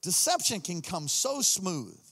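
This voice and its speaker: A high-pitched male pastor preaches to his congregation with animated swings from hushed asides to shouts. His voice rings with a long reverb from the church hall. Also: unhurried, gravelly, slightly rough. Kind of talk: sermon.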